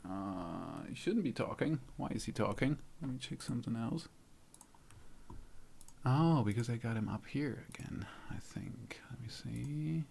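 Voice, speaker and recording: A man's voice: mid-range voice, expressive, normal speed, vocal fry, darkish tone, a little hiss or hum. A man from Germany with a light German accent, hosting a casual live stream, thinking aloud as he fiddles with settings and reads out viewers' comments. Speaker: YouTube channel host.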